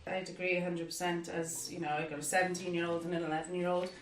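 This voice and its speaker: A woman's voice: on the low side, little pitch movement, quick pace, slight background noise. A woman in her forties from the UK, chatting earnestly in a casual podcast panel discussion. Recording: roomy, distant mic.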